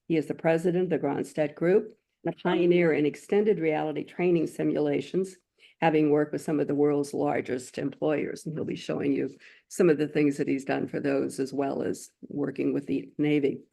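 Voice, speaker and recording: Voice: mid-range voice, little pitch movement, normal speed, creaky. A webinar host reading scripted announcements and speaker introductions in a formal, polished way. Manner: reads from a script, warm and formal.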